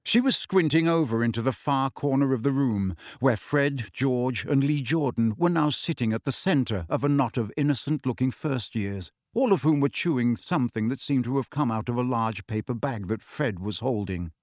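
A man's voice: mid-range voice, normal speed, hardly any pauses, no echo, studio quality. A man narrating a novel expressively as an audiobook reader. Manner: lively, expressive storytelling. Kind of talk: scripted narration.

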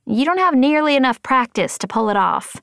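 A serene, gentle female pilot with a calm, soft-spoken manner, voiced by a woman narrator. She sits well above the narrator's usual pitch and speaks in a light, unhurried way. The sound is dry and close. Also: creaky, clear, resonant tone, dry recording, heavily acted.

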